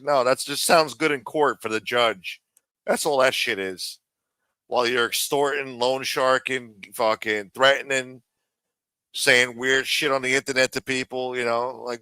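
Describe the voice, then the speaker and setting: A man hosts a live show and rants with profanity and sarcasm. His voice is bright and forceful. The sound is dry and close. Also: mid-range voice, no echo. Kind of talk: profane live-stream rant.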